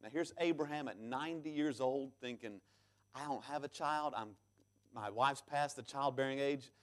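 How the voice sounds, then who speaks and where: A man preaching a sermon in church, reading scripture aloud and swinging between loud emphatic peaks and sudden hushed drops. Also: medium pitch, moderate pace. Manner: reads scripture aloud in King James English. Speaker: pastor.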